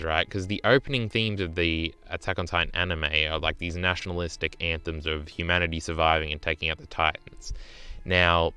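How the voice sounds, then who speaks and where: A man's voice: sits low, pushed and bright, clear, resonant tone. A man streaming casual reaction commentary on an article, rambling and swearing, with many fillers and "right?" tags. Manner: rambling, profane, lots of "uh" and "right?".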